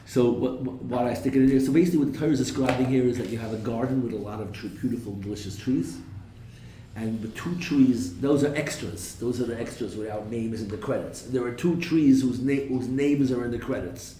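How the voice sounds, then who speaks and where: Man teaching a Torah class, mellow voice in an echoey room. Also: medium pitch, fairly even intonation, fairly quick, recorded from a distance. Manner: questions the class, quotes verses in Hebrew then translates; slips in jokes. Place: classroom with a live audience. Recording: echoey room with faint noise.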